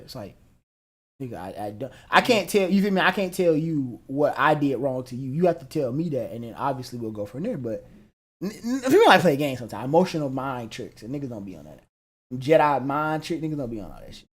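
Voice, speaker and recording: A man's voice: on the high side, fast talker. A man co-hosting a podcast in casual, slangy, profane chat, acting out the back-and-forth of arguments. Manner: animated, slangy and profane, acts out quoted exchanges. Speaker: podcast co-host.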